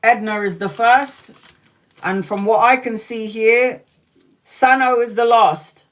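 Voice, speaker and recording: A woman's voice: a little high, steady tone, slow. A woman hosting a live tarot reading, talking candidly, swearing freely and repeating her points with emphasis. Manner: earnest and emphatic, repeats lines. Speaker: tarot reader.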